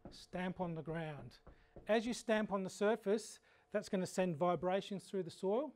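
An Australian man teaching a frog identification workshop in a fairly high voice. He tells humorous, animated stories between his explanations of frog habits. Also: unhurried. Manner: animated anecdotal storytelling. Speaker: frog educator. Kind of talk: workshop lecture.

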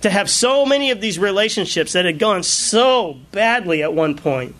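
A male pastor preaching a sermon, telling personal stories in an animated way and laughing often. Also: high voice, normal speed. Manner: animated storytelling with frequent laughter.

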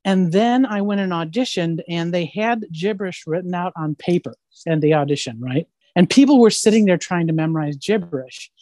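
A woman actress tells stories as an interview guest in a lively, rambling way and keeps checking in with "right?". Her voice sits a little low. The sound is dry and close, with no room echo. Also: moderate pace, hardly any pauses. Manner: animated storyteller, keeps asking "right?". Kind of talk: casual anecdotal interview.

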